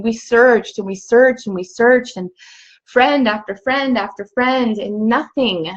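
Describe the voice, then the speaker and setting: A woman's voice: on the high side, muffled recording. Dreamy young woman telling a spiritual story. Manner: dreamy, spiritual, many fillers like "you know" and "like". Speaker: vlogger. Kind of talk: personal storytelling.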